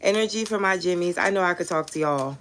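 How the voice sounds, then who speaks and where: A young woman hosting a tarot live stream, chatting casually and telling animated stories with casual cursing. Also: lowish voice, fast talker, slight background noise. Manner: chatty, animated storyteller who curses casually.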